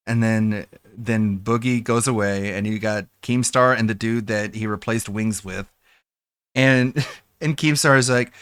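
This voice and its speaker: A man streaming, rambling casually and mocking others with quick impressions. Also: medium pitch, level tone, a bit bright, smooth, no echo. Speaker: streamer reacting to fan videos.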